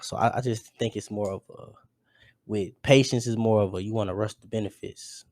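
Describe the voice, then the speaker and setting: Male podcast host, low voice, halting and thoughtful, dry close sound. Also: steady tone, a little mellow, no room sound. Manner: halting, searching for words, many restarts. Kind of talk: casual chat.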